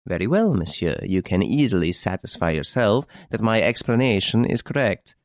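A man voicing a calm, clever gentleman sleuth. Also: fairly low pitch. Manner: calm, smiling, deliberate explaining. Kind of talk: audiobook reading.

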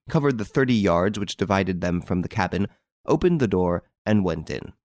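Lively low-voiced male audiobook narrator. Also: no room sound, clean studio sound. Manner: expressive, lively storytelling.

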